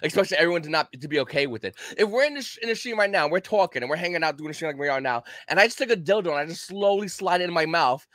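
Blunt high-voiced man, dry close mic. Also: lively intonation, racing, hardly any pauses, a bit bright, dry recording. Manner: blunt, profane, rambling with repeated restarts. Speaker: podcast host. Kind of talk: casual podcast chat.

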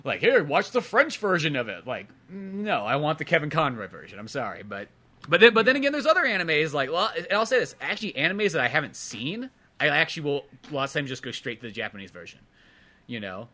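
A man's voice: a little high, very animated, fast, pushed and bright. A man co-hosting a podcast in casual chat, rambling, swearing often and laughing a lot. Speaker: podcast co-host.

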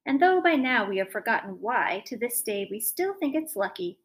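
A woman reading a fairy tale aloud, her storytelling expressive and lively. Her voice sits a little high for a woman and moves freely with the tale. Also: moderate pace, husky.

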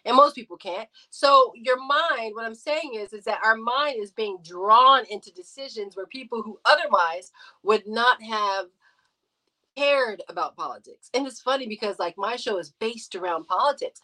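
A woman guest on a podcast, talking in a casual debate with an animated, emphatic delivery and loud outbursts. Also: on the high side, moderate pace, rough recording. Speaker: podcast guest, radio show host.

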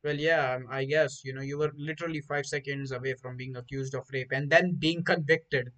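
A man hosting a casual podcast chat, rambling in an animated way and swearing freely. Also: medium pitch, a little fast, poor audio. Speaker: podcast host.

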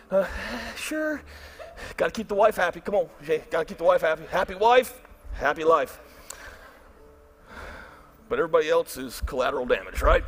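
A middle-aged pastor tells a story in his sermon and acts out his inner thoughts with lively energy. His voice sits high for a man. He jumps between quiet asides and loud bursts. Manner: animated, acts out his own inner voice loudly.

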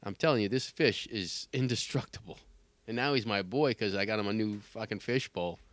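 A man co-hosting a casual chat, animated and joking, swearing freely. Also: lowish voice, a little fast, no echo.

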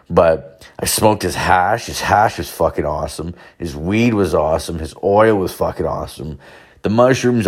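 A young man hosting a podcast, telling a rambling, profane story full of "like" and curses. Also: low-pitched. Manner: rambling, profane, heavy use of "like". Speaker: podcast host. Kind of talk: casual storytelling.

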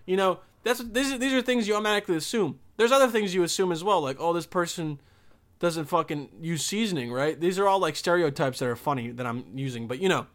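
Young guy from bosnia, pretty high voice, rambly and sweary, going off emphatically. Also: expressive, fast, few pauses, fairly bright tone. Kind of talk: casual profane monologue.

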